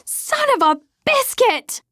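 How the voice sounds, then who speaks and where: A woman voicing a flustered, panicky young woman in an audiobook, with high-strung exclamations. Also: sing-song, normal speed, dry recording, studio quality. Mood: frantic. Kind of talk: audiobook dialogue reading.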